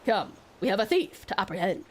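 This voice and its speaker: A woman voicing a theatrical, self-assured gentleman detective in a game playthrough, with grandiose, formal diction. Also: medium pitch, very animated, brisk, a little hiss or hum, voice pushed down, natural voice. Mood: pompous.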